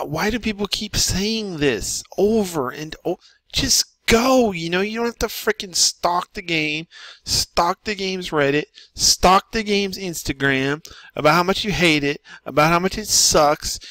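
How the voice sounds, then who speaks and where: A man's voice: high voice, pushed and bright, dry recording. A man giving an exasperated, repetitive ranting monologue as a gaming commentator.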